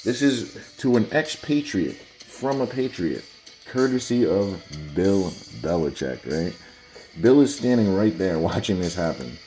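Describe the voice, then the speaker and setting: A man hosting a video, giving blunt, exasperated casual commentary on football highlights and often calling out to his viewers. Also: expressive, a little slow, mellow, soft background music. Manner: blunt, exasperated, keeps saying "guys". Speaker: sports video host.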